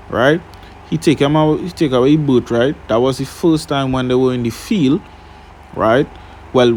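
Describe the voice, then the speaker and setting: A man's voice: mid-range voice, a little mellow, a little hiss or hum. A man reading scripture aloud and retelling it in plain words, often checking with "right?". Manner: reads scripture then retells it in casual Caribbean-style English, asking "right?". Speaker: Bible teacher. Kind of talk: Bible reading and teaching.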